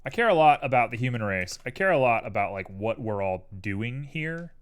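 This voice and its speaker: Keyboard clicks and typing sound behind a young man who chats casually while building a 3D model on a live stream. He speaks animatedly, rambles, and goes off on tangents, with a smooth, medium-pitched voice at normal speed.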